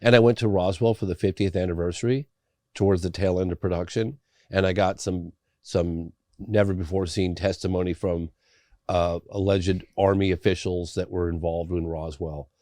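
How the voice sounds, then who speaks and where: Middle-aged filmmaker from England, deep voice, animated interview storyteller, dry close sound. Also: male voice, moderate pace, no echo. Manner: animated storyteller acting out quoted people. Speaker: documentary filmmaker, podcast guest.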